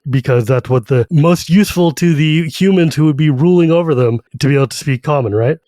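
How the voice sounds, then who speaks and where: A man's voice: fairly high pitch, no room sound. A man co-hosting a podcast, animatedly retelling a fantasy novel in casual talk. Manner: animated, retells the story with quick character voices. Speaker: podcast co-host. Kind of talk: casual book discussion.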